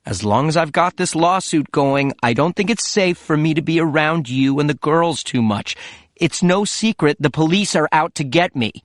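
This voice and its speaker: A man's voice: a little high, expressive, moderate pace, dry recording, studio quality, pitched above the performer's own voice, natural voice. Narrator playing an irritable, curt father, lifted voice, audiobook role. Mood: irritated. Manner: curt and impatient. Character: grown man, a tense, irritable father.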